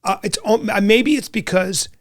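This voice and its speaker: A man's voice: high voice, normal speed, no echo, clean studio sound. A man hosting an interview podcast, talking in loose rambling sentences with many restarts. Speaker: podcast host. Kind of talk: casual interview chat.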